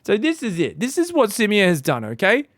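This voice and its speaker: A man's voice: high voice, huge pitch swings, fairly quick, fairly bright tone, dry recording, clean studio sound. A man casting a strategy game in casual, sarcastic commentary, rambling into profane jokes. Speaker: game caster.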